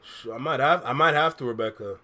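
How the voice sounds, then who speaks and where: A man's voice: medium pitch, fairly quick, pushed and bright. A young man casually chatting with his viewers on a livestream, laid-back and full of slang, reading out and answering chat messages. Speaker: reaction streamer.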